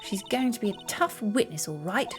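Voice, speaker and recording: A woman's voice: mid-range voice, animated, moderate pace, soft background music. A woman streaming a game, chatting in a giggly, self-mocking way. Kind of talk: live game stream chat.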